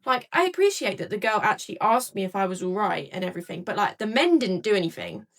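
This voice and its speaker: A woman's voice: mid-range voice, sing-song, fast. A young woman casually telling a long story to camera, rambling with many fillers and acting out both sides of a conversation. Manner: chatty, rambling, filler-heavy retelling.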